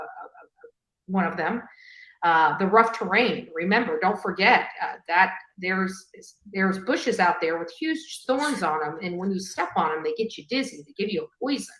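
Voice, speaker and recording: A woman hosting a true-crime video, rambling with halting fillers and restarts. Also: fairly low pitch, a bit bright, reverberant, poor audio. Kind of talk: rambling livestream commentary.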